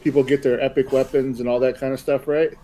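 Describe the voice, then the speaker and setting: Mellow-voiced man hosting a podcast. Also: mid-range voice, little pitch movement, fast talker, rough recording. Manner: easygoing, rambling, gives advice with many fillers. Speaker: podcast host. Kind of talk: casual podcast chat.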